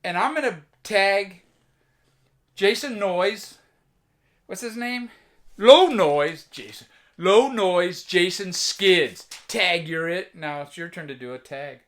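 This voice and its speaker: A relaxed man with a fairly high voice talks loosely through his record collection, cracking offhand jokes as he goes. His delivery is casual and unpolished, like a chat with friends. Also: slow. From United States. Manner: laid-back, chatty, offhand jokes. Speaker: vinyl collector vlogger. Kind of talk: casual record show-and-tell.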